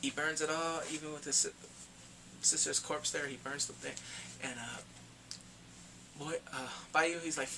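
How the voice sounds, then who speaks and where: A man giving a casual spoken movie review, retelling the plot excitedly and acting out the characters' lines. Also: fairly high pitch, moderate pace, vocal fry, pauses often, slight background noise.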